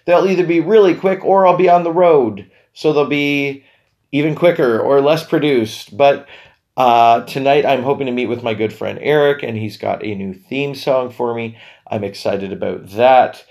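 A man from Canada hosting his own podcast in a casual, rambling chat. He talks with enthusiasm, trips over words and doubles back to fix them, at a middling pitch. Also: normal speed, darkish tone. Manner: rambling, chatty, stumbles and corrects himself. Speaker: podcast host.

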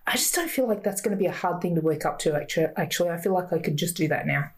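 A woman's voice: on the low side, lively intonation, fast talker. A woman co-hosting a casual chat, rambling and self-interrupting, with frequent swearing. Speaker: podcast co-host.

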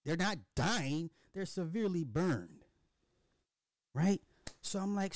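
Casual: crude podcast guy riffing a story, highish voice, very dry sound. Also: a little slow, long pauses, no echo. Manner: profane, animated, repetitive storytelling. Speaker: podcast host. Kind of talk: dark comedic monologue.

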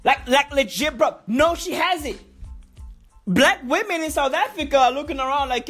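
A woman's voice: high-pitched, expressive, normal speed, fairly bright tone, soft background music. A woman comedian ranting crudely, stacking slang tags and mock-serious asides. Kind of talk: profane comedic rant.

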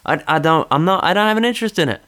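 A man's voice: on the high side, lively intonation, racing, a bit bright. A man hosting a podcast, ranting sardonically and profanely in a rambling, casual way. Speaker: podcast host.

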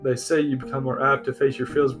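Easygoing young prince, read by a man, light and friendly, mid-pitched. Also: level tone, brisk, soft background music, natural voice. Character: easygoing, good-humored young male prince.

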